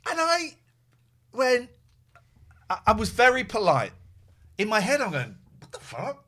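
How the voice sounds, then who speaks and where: A man's voice: very high voice, huge pitch swings, unhurried, sharp tone. A man hosting a podcast, telling exasperated, rambling anecdotes in casual chat. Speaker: podcast host.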